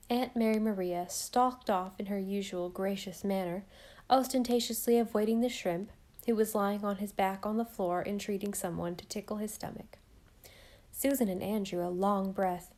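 Calm woman narrating a novel. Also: mid-range voice, moderate pace. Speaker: audiobook narrator. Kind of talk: scripted narration.

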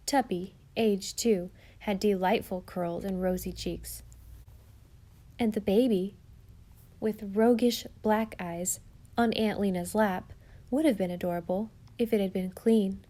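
An audiobook is read by a woman whose voice sits in the mid range; her storytelling is expressive yet measured.

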